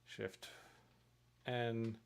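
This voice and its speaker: A man's voice: mid-range voice, little pitch movement, very slow, creaky, clear, resonant tone. A man casually narrating his work on a live stream, thinking aloud and chuckling at his own mistakes. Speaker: streamer making pixel art for a game.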